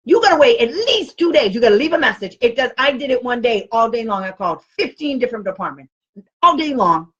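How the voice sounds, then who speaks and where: Outspoken woman advocate ranting to her viewers, kinda raspy, muffled recording. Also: on the high side, big pitch swings, fairly quick, fairly bright tone. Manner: blunt, outspoken, laughs often. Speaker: special education advocate. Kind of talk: casual talk to camera.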